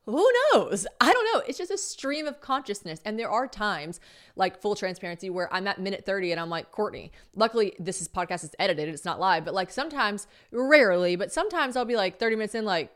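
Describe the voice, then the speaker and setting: Young woman podcaster rattling off stories super fast, lots of acted-out quotes, swears casually. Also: mid-range voice. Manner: fast, animated storytelling with quoted dialogue and swearing. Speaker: podcast host. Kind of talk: solo podcast chat.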